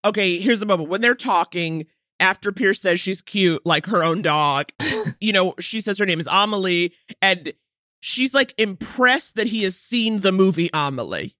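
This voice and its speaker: A woman's voice: medium pitch, expressive, moderate pace, sharp tone, no echo, clean studio sound. A woman co-hosting a podcast, reviewing a TV movie in a casual, emphatic and opinionated way. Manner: emphatic and opinionated, mock-quoting characters. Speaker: podcast co-host.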